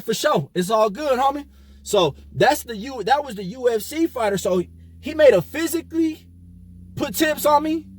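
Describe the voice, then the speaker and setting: A man with a high, husky voice tells a personal story in loose street slang. He swears freely and acts out every exchange. The room is dry and close. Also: no room sound. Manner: animated, profane street slang, acts out quotes. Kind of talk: casual storytelling.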